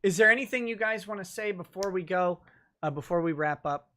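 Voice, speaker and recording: A man's voice: high voice, fairly quick, pushed and bright. A man hosting a casual livestream chat, reading out viewer comments and laughing often. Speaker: livestream host.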